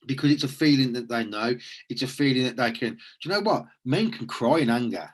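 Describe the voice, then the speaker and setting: A man's voice: mid-range voice, animated, fairly quick. A man hosting a casual, reflective chat, earnest and rambling with frequent restarts.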